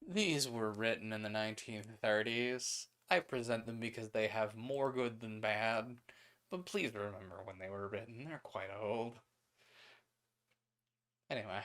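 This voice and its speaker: A man's voice: fairly low pitch, measured pace, a bit bright. Male streamer reading pulp fiction aloud. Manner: reads steadily, then adds casual asides and paraphrases.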